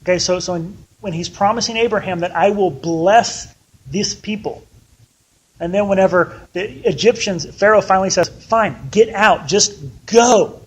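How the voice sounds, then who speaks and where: Husky high-voiced man teaching Bible study. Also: normal speed, rough recording. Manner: conversational, acts out quoted people.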